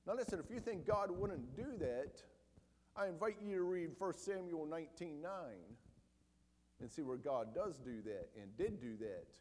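A man's voice: very animated, a little slow, a little hiss or hum. Emphatic male preacher in a reverberant hall. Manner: emphatic, rises loud then drops very low and quiet. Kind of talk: sermon.

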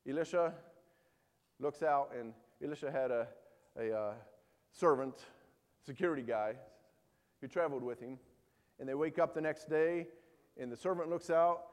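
A man's voice: fairly high pitch, darkish tone. Earnest preacher man in a reverberant hall. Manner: earnest preaching with rhetorical questions. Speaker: pastor. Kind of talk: sermon.

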